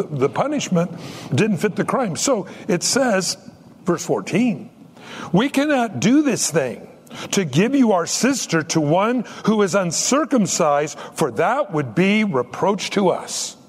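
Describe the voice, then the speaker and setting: A man's voice: sits high, very animated, slow, breathy edge, big-room sound. A man preaching a sermon as a pastor, telling a story and acting out the dialogue. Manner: storytelling, acts out quoted dialogue.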